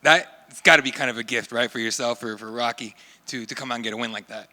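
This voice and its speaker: A man's voice: medium pitch, fast talker, sharp tone. A man asking a fighter casual, chatty questions in a press interview. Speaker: reporter. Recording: long reverb, off-mic.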